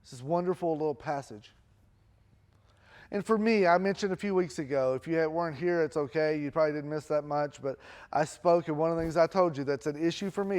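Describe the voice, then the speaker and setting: A man's voice: a little high, a little mellow. A middle-aged man preaching a sermon as a pastor, telling a personal story in a conversational, self-deprecating way. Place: church auditorium.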